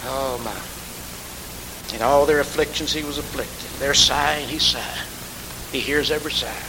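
A man's voice: mid-range voice, measured pace. A man preaching a sermon, rising to emphatic call-and-response and calling on congregation members by name. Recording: hissy recording in a reverberant hall.

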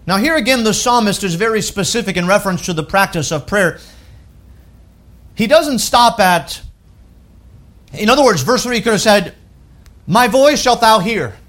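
Male pastor, high-pitched, emphatic sermon delivery with loud peaks and soft falls. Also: lively intonation, normal speed, pauses often. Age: adult with wife and children. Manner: emphatic preaching with wide swings from loud to hushed.

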